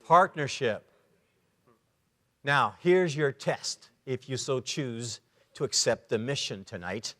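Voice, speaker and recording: A man giving a lively talk at a men's conference, acting out short dialogues and sound effects as he explains. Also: medium pitch, slow, pauses often. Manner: animated, acts out little dialogues and sound effects. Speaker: conference speaker. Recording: long reverb of a large hall.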